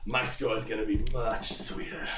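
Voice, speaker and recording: A man's voice: lowish voice, little pitch movement, moderate pace, reverberant, distant mic, background noise, close to an everyday voice. A man playing a cocky male heist leader who taunts his target over the phone. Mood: smug.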